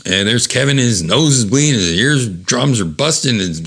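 A man rambling through a story about his old comic, halting often with fillers. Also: medium pitch, expressive, a bit bright, husky.

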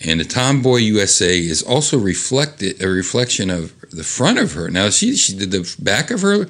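A man's voice: big pitch swings, moderate pace, a bit bright. A man reading an old teen magazine aloud, stuffy from sinus trouble, rambling and joking between the quoted bits. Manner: rambling, self-mocking, breaks into high mock voices when quoting. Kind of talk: casual read-aloud with commentary.

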